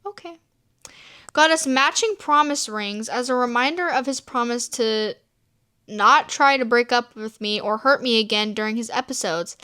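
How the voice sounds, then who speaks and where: Give me an animated, foul-mouthed woman vlogger with a high voice, reading and reacting to stories. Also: normal speed, smooth, no room sound, studio quality. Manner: animated, swears freely, laughs often. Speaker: storytime vlogger.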